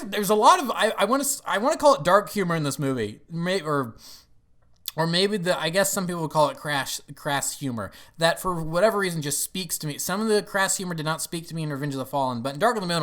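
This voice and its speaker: A man's voice: a little high, a bit bright. A young man giving casual, rambling commentary on a movie, often laughing and acting out lines.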